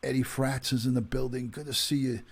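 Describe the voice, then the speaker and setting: A man's voice: medium pitch, flat delivery, brisk, gravelly, husky. A man in his fifties, a retired detective hosting a casual livestream, chatting with viewers and greeting them by name with plenty of ums and uhs. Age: 50s.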